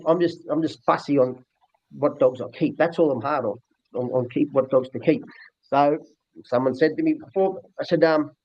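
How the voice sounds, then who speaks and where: The speaker is an older man with an Australian accent, a dog trainer giving a casual interview full of blunt, earthy rambling. His voice is fairly high, and the recording is dull, lo-fi, and dry with no room sound.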